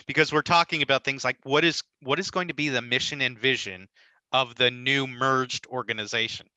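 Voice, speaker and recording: Bright-voiced confident male consultant. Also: mid-range voice, fairly even intonation, fairly quick, dry recording, poor audio. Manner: confident, explanatory, uses rhetorical "right?". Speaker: nonprofit merger consultant, guest. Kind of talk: conversational interview answers.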